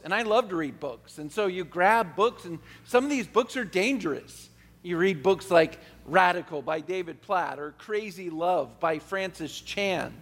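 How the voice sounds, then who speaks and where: A man preaches in an earnest, unhurried way, stacking up rhetorical questions. His voice sits high for a man. A long reverb from the church hall trails behind him. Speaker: pastor. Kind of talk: sermon.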